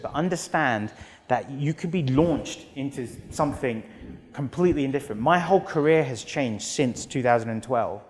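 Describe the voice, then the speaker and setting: British man, 30s, motivational keynote, energetic storytelling, long hall reverb, mid-pitched voice. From United Kingdom. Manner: energetic storytelling with acted quotes. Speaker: motivational speaker. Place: large auditorium.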